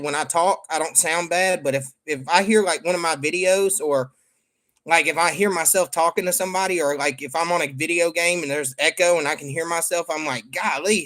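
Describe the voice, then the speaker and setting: A man's voice: a little high, a bit bright. Brief Southern-accented man rambling casually. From Michigan. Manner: drawling, joking, trailing off with ums. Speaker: streamer and father. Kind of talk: casual rambling chat to viewers.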